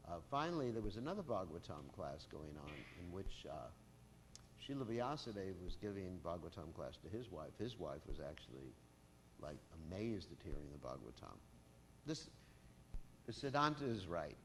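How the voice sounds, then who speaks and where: Man, very low voice, devotional lecture, casual storytelling with fillers, faint rumble. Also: sing-song, normal speed. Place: temple hall with a masked audience.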